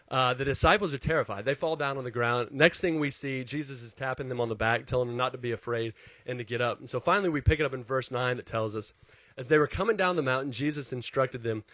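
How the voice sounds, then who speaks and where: A male pastor preaching in a relaxed, conversational way, with a voice sitting in an ordinary middle pitch. He tells personal stories with animated, self-deprecating humor, and the sound is close and dry, with no room echo. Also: moderate pace. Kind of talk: conversational sermon with personal storytelling.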